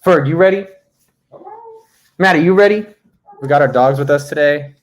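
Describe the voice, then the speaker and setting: Man, live stream host at home, casual and joking, greets viewers one by one, mid-high voice. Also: normal speed. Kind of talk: casual livestream chat.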